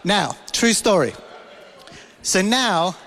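Animated pastor in a reverberant church. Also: male voice, high voice, slow pace. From London. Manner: animated storytelling, acting out voices, laughing at himself. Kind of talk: sermon with personal story. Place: church hall.

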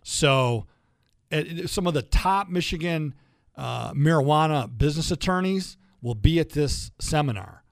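Animated man hosting a legal talk show. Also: on the high side, unhurried, creaky, no room sound, clean studio sound. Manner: animated, rambling, frequent restarts. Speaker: radio show host and lawyer. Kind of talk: casual talk-radio chat.

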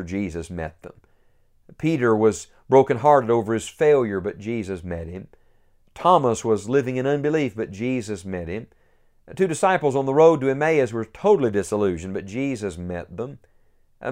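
A man preaching a sermon, earnest and building to emphatic peaks. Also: medium pitch.

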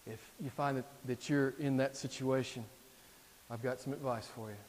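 A male pastor preaching a sermon, emphatic and repetitive, swinging between loud exhortation and hushed appeals. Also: medium pitch, fairly even intonation, normal speed, a little hiss or hum. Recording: long reverb in a large hall.

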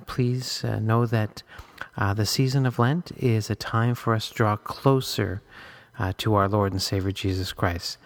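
Male radio host, lowish voice, easygoing delivery with plenty of "uh"s. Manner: relaxed, frequent "uh" fillers, light chuckles. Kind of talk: casual radio talk with prayer. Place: radio studio.

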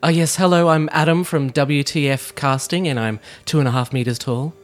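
A woman playing a clueless actor at an audition, deadpan and oblivious, in a sketch comedy podcast. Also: sits low, normal speed, faint music behind, lightly acted.

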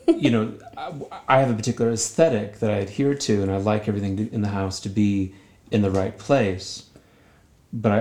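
A man's voice: fairly low pitch, darkish tone, reverberant. A man hosting a podcast, joking and teasing in casual chat, often restarting his sentences. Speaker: podcast host.

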